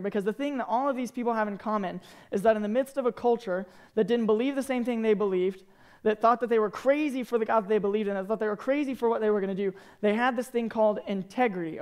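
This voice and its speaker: A young man in his twenties from Arkansas, giving a joking, animated talk to students as a youth speaker. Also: high-pitched, clear, resonant tone. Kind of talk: sermon to students.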